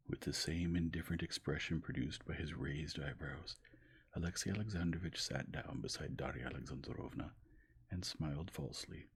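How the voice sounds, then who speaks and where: Deep, breathy whispering male narrator. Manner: soft, slow, gentle. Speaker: narrator reading a novel aloud. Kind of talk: whispered role-play.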